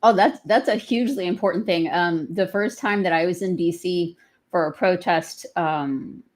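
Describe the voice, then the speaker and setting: A woman's voice: lowish voice, moderate pace. A woman who drums at protests, chatting on a live stream in a wry, articulate way. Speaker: guest, protest drummer. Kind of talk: casual live-stream chat.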